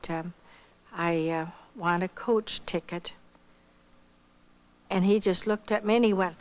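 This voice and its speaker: Older woman slowly telling her story. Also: medium pitch, low-quality recording. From United States. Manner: slow, reflective storyteller acting out quoted voices. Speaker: missionary giving testimony. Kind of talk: personal storytelling testimony.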